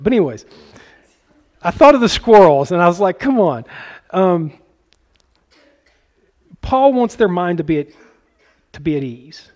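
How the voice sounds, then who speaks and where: High-pitched male preacher, chatty delivery with voiced-out quotes, muffled lo-fi audio. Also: a little mellow. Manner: conversational, acts out quotes with sudden high squeaky bursts. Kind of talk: sermon. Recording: dull lo-fi sound.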